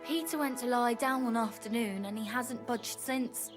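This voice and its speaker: Woman voicing fretful peasant wife, high voice, earnest, guarded, game dialogue. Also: moderate pace, music in the background, lightly acted. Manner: earnest, guarded, then desperate pleading. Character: anxious peasant wife pleading for her sick husband.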